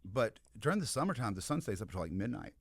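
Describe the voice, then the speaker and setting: A Southern American man, a comedian and history professor, guests on a podcast and rambles through casual stories stuffed with "like" and "you know." His lowish voice is sing-song and fast, in clean studio quality with no room sound.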